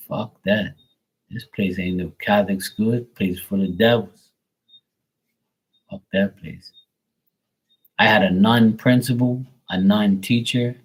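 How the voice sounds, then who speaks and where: A man in his late forties telling blunt, profane stories on a livestream, putting on higher, louder voices for the people he quotes. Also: slightly rough, low-quality recording. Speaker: livestream tarot reader. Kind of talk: casual livestream storytelling.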